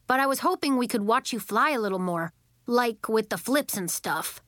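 A woman's voice: a little high, expressive, normal speed, a bit bright, no echo, studio quality. A woman doing an eager young boy, Tomas.

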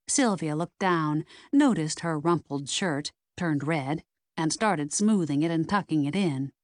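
A woman narrating a mystery novel in an expressive, measured reading. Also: low-pitched, no room sound, studio quality. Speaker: audiobook narrator.

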